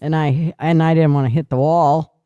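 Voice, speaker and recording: A man spins rowdy, profane stories in a loose chat-show setting and laughs his way through them. His voice sits a little high and smooth, and the recording is close and dry. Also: fairly even intonation, normal speed, mellow, dry recording, dull audio. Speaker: podcast host. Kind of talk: casual storytelling chat.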